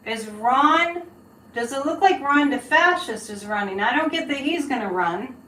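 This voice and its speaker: Woman, psychic live-streamer, chatty and rambling, fairly high voice, echoey room. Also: expressive, moderate pace, bright, forceful tone. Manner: chatty, laughing, rambling asides to chat. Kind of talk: live-stream tarot reading and chat. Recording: echoey room, faint background hiss.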